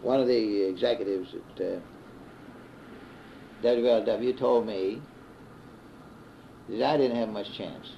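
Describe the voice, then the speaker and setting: A man in his fifties with a Southern US accent, a sports broadcaster telling stories in an unhurried interview with many pauses and restarts. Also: on the low side, vocal fry, slight background noise. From American South. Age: 50s. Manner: unhurried storyteller with frequent "uh" restarts. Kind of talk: reminiscing interview. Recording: dull 1960s reel-to-reel tape.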